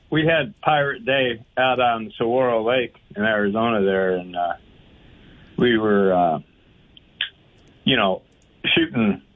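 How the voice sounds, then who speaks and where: A man calling into a radio show, telling a jokey story with many hesitations. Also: lowish voice. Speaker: caller. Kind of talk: call-in anecdote. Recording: tinny phone line.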